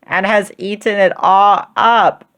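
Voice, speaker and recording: Guy doing baby bear, tiny squeaky high voice, eager, storybook. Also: steady tone, slow pace, sharp tone, smooth, full character voice.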